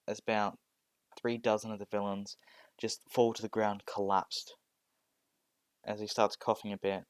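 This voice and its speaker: A man's voice: lowish voice, level tone, moderate pace, clear, resonant tone, no room sound. A young man improvising a fan-fiction story, hesitant with many fillers and restarts.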